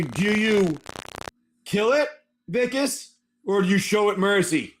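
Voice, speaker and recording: High voiced guy running a tabletop game on stream, super animated, calling out rolls. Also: takes it slowly, faint music behind. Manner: animated and excitable. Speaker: game master. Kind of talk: livestream tabletop game narration.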